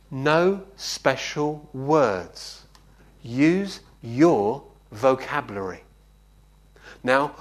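Animated, unhurried preacher man. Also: mid-range voice. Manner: animated storyteller, often checking in with "yeah?". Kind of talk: conversational sermon with anecdotes.

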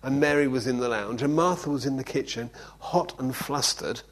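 A man's voice: mid-range voice, moderate pace, poor audio. A man preaching an informal sermon in a conversational way, often checking in with "okay?". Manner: conversational, keeps asking "okay?".

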